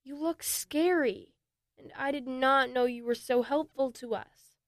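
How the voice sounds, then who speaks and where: A woman's voice: high voice, unhurried, no room sound, clean studio sound. A woman doing an impulsive farm boy. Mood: sheepish. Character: young farm boy, impulsive, later sorry.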